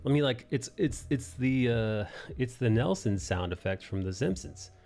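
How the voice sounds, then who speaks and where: A man's voice: mid-range voice, expressive, moderate pace, gravelly, a little mellow, soft background music. A man hosting a live stream, chatting casually in a rambling way and laughing often. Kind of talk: casual chat.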